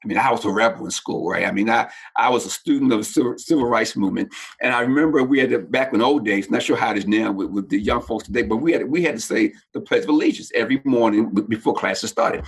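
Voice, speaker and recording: Fast-talking, with a medium pitch and a gravelly, slightly rough sound, this sixty-something Baltimore man tells personal stories as a podcast guest. He's animated in the interview and acts out the voices he quotes, and he hails from the United States.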